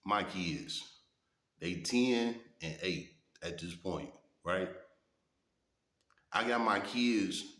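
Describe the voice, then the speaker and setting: A man in his thirties talks straight to his viewers with a low, deep voice. He is blunt and swears often, and he keeps checking in with his listeners. The room gives his voice a strong echo. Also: fairly bright tone. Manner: blunt and profane, often asks "you know what I'm saying". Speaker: vlogger reacting and telling stories. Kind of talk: casual storytelling monologue. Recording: echoey room.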